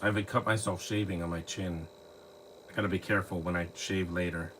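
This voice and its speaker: Rambling low-voiced man on a phone. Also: fairly even intonation, a little fast, fairly bright tone, slight background noise. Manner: rambling, frequent restarts and fillers. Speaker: live movie commentary host. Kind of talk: casual rambling commentary. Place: home, lives near trees.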